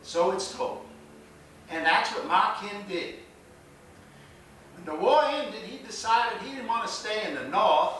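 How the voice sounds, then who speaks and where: A man's voice: high-pitched, lively intonation, unhurried, long pauses, a bit bright, slight background noise. An actor playing a folksy Southern man who proudly tells family tales in a theatrical monologue, with a Southern US accent and rural grammar. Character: folksy older Southern man proud of his soldiering kin. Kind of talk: theatrical monologue for an acting class. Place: classroom or small stage. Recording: echoey room with the mic far away.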